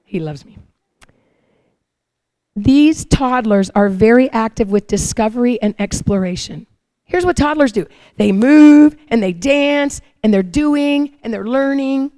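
Mellow-voiced woman preaching with animated stories. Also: on the high side, measured pace, no echo. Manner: animated storytelling, acts out her own prayers and God's replies. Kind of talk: sermon.

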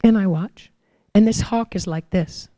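Woman preacher, warm mellow voice, dry close sound, acts out little scenes as she talks. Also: medium pitch, unhurried, no echo. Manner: animated storytelling, acts out her own prayers and God's replies. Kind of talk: sermon.

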